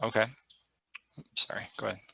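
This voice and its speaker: A man narrating as game master of a tabletop game, rambling and halting with many fillers. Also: pushed and bright, no room sound.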